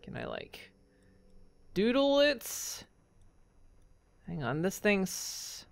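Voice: mid-range voice, huge pitch swings, drawn-out words, vocal fry. A gamer giving curious, muttering let's play commentary, with casual swearing while exploring. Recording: voice over game music.

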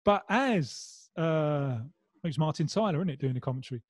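A man's voice: fairly high pitch, expressive, normal speed, no echo. A man with a Mancunian accent, a guest in a casual football chat, rambling with restarts and wry humour. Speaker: guest pundit. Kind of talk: casual discussion.

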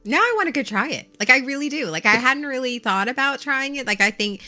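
A woman's voice: sits high, expressive, fast, bright, forceful tone. A woman co-hosting a casual podcast chat, talking chattily with lots of "like" and giggles. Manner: chatty, says "like" often, giggly. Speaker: podcast co-host.

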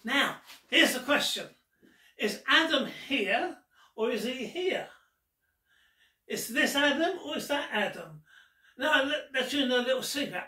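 Slow-talking, teasing gospel magician. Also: male voice, extremely high pitch, animated, bright, forceful tone. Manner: playful and teasing, addressing the viewer. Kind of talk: magic trick with a Gospel story. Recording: roomy echo, distant mic.

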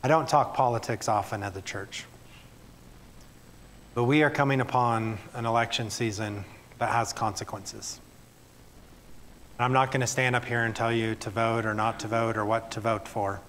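A man's voice: medium pitch, fairly even intonation, normal speed, pauses often, a bit bright, a little hiss or hum. A male pastor reading scripture aloud and preaching earnestly to his church. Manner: reads scripture then speaks plainly and earnestly to the congregation. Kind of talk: sermon.

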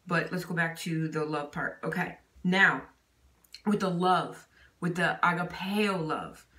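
A woman's voice: fairly low pitch, fairly bright tone, distant mic. Woman teaching scripture in an echoey room. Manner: informal, with fillers like "you know" and "okay?". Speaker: bible teacher. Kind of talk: casual bible teaching. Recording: echoey room, voice set back from the mic.

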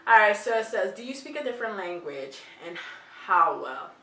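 A woman's voice: medium pitch, big pitch swings, moderate pace, fairly bright tone. Chatty young woman, roomy distant sound. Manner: chatty and playful, with giggly asides. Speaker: vlogger. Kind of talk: casual chat answering tag questions.

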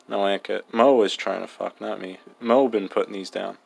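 A young man talks his way through a video game, mumbling jokes and swearing as he goes. His voice sits low and gravelly, with plenty of vocal fry. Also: fairly even intonation, moderate pace, few pauses. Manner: mumbled, joking, profane. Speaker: gaming vlogger. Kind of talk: casual gameplay commentary.

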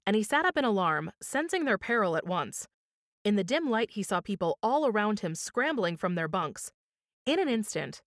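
A woman reads a children's story aloud with an expressive, lively voice that rises and falls a lot. She is on a close studio mic, and her voice sounds dry and close. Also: medium pitch, no room sound. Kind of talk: scripted narration.

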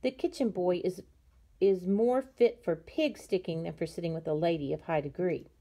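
A woman's voice: on the low side, moderate pace, mellow. A woman reading the lines of a proud, scornful noble lady in a story. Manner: haughty, scornful.

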